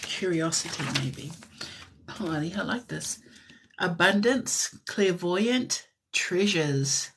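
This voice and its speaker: A woman giving a live-stream tarot reading in a soft, musing way that drifts into whispers, with frequent light laughs. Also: lowish voice, expressive, takes it slowly, slight background noise. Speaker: tarot reader.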